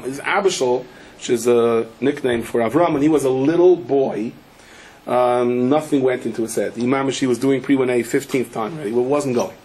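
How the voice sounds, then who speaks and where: A male rabbi with a Yeshivish accent giving a Torah lecture, telling a story and acting out the voices in it. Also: mid-range voice. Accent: Yeshivish English with Yiddish and Hebrew words. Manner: animated storyteller, acts out quotes in raised voices.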